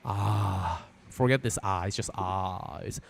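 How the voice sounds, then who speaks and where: A man's voice: deep voice, normal speed, gravelly. A man teaching a casual, irreverent language lesson on a live stream from outdoors, swearing freely as he explains. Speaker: Korean teacher.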